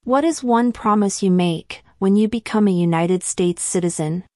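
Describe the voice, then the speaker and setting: A woman slowly reading civics test questions and answers in a measured, deliberate way. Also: medium pitch, mellow, no room sound, clean studio sound. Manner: measured, deliberate delivery with long pauses.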